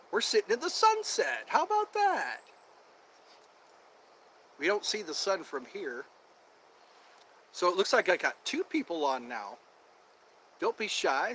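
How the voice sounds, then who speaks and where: A man's voice: fairly high pitch, bright, forceful tone, a little hiss or hum, poor audio. A man chatting casually on a livestream, rambling with many fillers, recorded outdoors on a phone. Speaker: livestream host. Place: outdoors at sunset, traffic passing.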